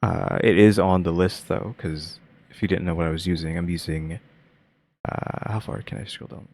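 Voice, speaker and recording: A man's voice: low voice, fairly even intonation, moderate pace, gravelly, darkish tone, a little hiss or hum. A man streaming a reaction video, talking casually and rambling with lots of fillers and restarts. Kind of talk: casual commentary.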